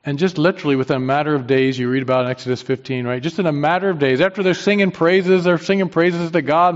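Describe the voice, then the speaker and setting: A man preaching a sermon, swinging from quiet low lines to emphatic, rising peaks. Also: fast talker, muffled recording.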